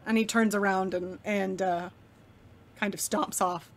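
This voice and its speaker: A woman running a tabletop game as game master, narrating the scene in a lively storytelling way. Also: mid-range voice, a little slow.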